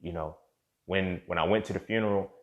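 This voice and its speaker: A man's voice: low-pitched, brisk, lo-fi sound. A man hosting a show and telling a personal story in a casual, profane way, often speaking straight to the listener. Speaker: host.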